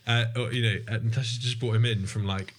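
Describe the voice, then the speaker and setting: A man chatting casually about a film, excitable, laughing often and swearing freely. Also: medium pitch, fast talker, breathy edge.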